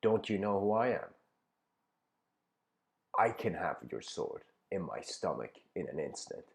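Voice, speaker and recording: Serene, fearless old monk, low and soft, put on by a male storyteller. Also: very animated, a little slow, vocal fry, heavily acted. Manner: serene, quietly smiling.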